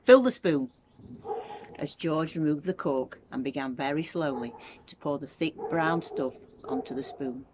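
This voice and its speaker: A woman teacher reading a children's book aloud with expressive storytelling. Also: low-pitched, slight background noise. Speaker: infant school teacher.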